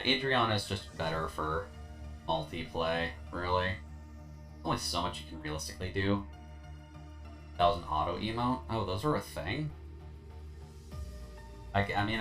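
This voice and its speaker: A man's voice: low voice, sharp tone. A tired man streaming a video game, talking through his play in a laid-back, rambling way with lots of fillers and slightly slurred words. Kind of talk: casual gameplay commentary.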